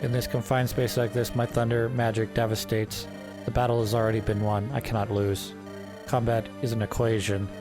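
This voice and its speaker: A man's voice: fairly low pitch, flat delivery, moderate pace, over music, natural voice. A man reading the lines of an arrogant male sorcerer commander in a game, sneering and self-satisfied. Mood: smug.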